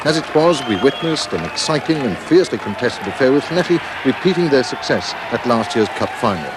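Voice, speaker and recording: A man narrating a scripted rugby match report in a measured, formal way. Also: medium pitch, animated. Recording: match footage with loud crowd noise. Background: stadium crowd.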